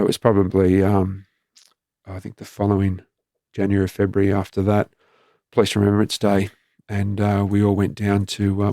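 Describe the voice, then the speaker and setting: A man's voice: low-pitched, vocal fry, dark tone, dry recording, clean studio sound. A man in his fifties with an Australian accent, a former police commander telling frank stories in a plain-spoken conversational way. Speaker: retired police commander and guest. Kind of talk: candid conversational storytelling.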